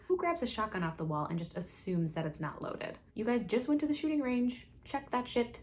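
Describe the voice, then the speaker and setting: A woman hosting a casual book recap, chatty and sassy, full of quick asides. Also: on the high side, expressive, darkish tone. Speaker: book review host.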